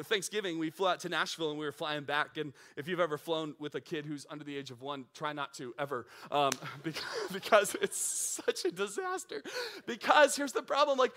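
A man in his thirties preaching a sermon, moving from calm teaching to excited, animated storytelling. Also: sits high. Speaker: pastor.

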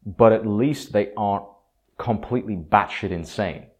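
A man's voice: fairly low pitch, normal speed. A man hosting a solo podcast on theology, talking in a conversational, opinionated way with fillers and asides. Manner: conversational, opinionated, with frequent fillers and acted quotes. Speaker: podcast host.

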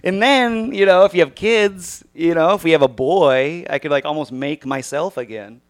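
A man's voice: fairly high pitch, normal speed, dry recording. A young man, a comedian, chatting casually on a podcast, laughing often and acting out quoted lines in mock voices.

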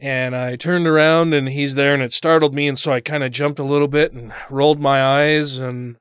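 A man's voice: medium pitch, steady tone, normal speed, fairly bright tone, clean tone, no room sound, studio quality. A man co-hosting a podcast in blunt, sarcastic casual chat, swearing often and laughing, with the hiccups. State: has the hiccups. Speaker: podcast co-host. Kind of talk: casual profane banter.

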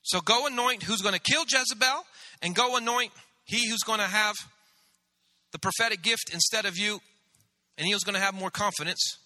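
A man pastor preaching a sermon, animated, acting out the voices of biblical figures. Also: high voice, normal speed, long pauses. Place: church sanctuary. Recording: church hall reverb.

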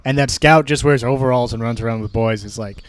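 Smooth-voiced man discussing a book. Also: mid-range voice, quick pace. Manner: thoughtful, reads passages aloud. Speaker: podcast co-host.

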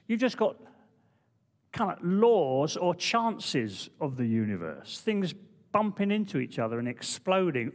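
A man preaching a sermon with passion, swinging from loud declarations to hushed, intimate asides. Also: mid-range voice, very animated, measured pace, in a large hall.

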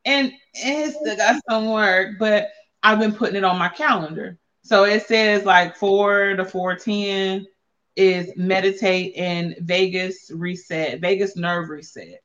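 A woman's voice: medium pitch, takes it slowly, a bit bright, dull audio. A woman hosting a casual chat, blunt and playful, with lots of salty slang. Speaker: podcast host and wellness coach.

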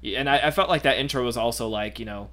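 A man's voice: medium pitch, fast, bright, forceful tone. Chatty man filling in the backstory. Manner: chatty, explains background with many "you know" fillers. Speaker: podcast co-host. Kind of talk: casual movie discussion.

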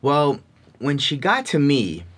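Animated, slow-speaking male storyteller. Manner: animated, expressive storytelling with swings in pitch. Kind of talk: personal storytelling talk.

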